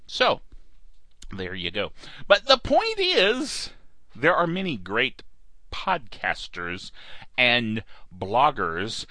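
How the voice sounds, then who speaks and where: Lively, bright-voiced male podcast host. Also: mid-range voice, no room sound. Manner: jokey, wanders off track and back. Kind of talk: casual rambling podcast chat.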